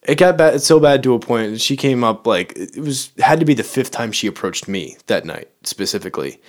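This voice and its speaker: A man's voice: mid-range voice, lively intonation, brisk. Blunt, opinionated man in casual chat. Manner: blunt, opinionated, stumbling restarts. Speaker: podcast co-host.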